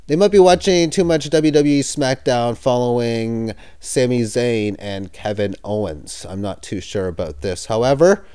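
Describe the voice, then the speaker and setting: Man, casual commentary, slightly high pitch, smooth clear tone, hesitant, skeptical, sarcastic. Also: darkish tone. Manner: hesitant, with fillers and self-corrections. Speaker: crypto market commentator. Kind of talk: casual screen-share commentary.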